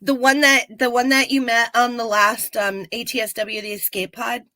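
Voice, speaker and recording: A woman co-hosting a casual live-stream, retelling an episode in animated fashion and acting out quotes. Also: fairly high pitch, normal speed, no room sound. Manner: animated storyteller, acts out quotes. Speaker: podcast co-host recapping a TV episode. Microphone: live-stream setup.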